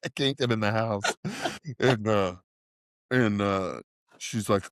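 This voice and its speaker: A man's voice: on the low side, lively intonation, slow, long pauses, dry recording, studio quality. A middle-aged man co-hosting a podcast, telling a rambling, profane anecdote in casual chat and laughing often. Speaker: podcast co-host.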